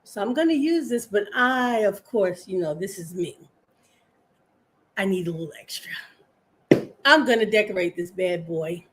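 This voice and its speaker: An older woman hosting a live crafting stream, chatting in a rambling, homey way with viewers and her pet. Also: mid-range voice.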